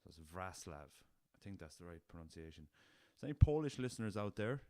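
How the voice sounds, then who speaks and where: A man's voice: on the low side, animated, quick pace, mellow, no room sound, clean studio sound. A young Irish man from the west of Ireland, a podcast host telling rambling anecdotes in a casual way, swearing freely and chuckling as he goes. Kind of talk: casual storytelling.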